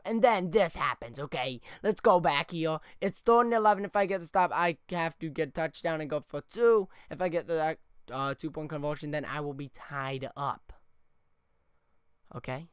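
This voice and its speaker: A man with a slightly high voice rants over football game footage, cursing constantly and checking in with "okay?" after each point. His voice is smooth and clear and sits close and dry on the mic. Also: fairly bright tone, no echo. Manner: profane, ranting, keeps tagging "okay?". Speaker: gaming YouTuber. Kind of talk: angry gameplay rant commentary.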